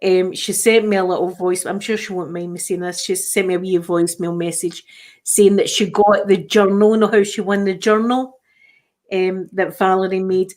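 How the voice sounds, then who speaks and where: A woman's voice: mid-range voice, level tone, normal speed, a little mellow. A Scottish woman hosting a casual livestream chat, rambling with lots of restarts. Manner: chatty, rambling, frequent restarts. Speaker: livestream host.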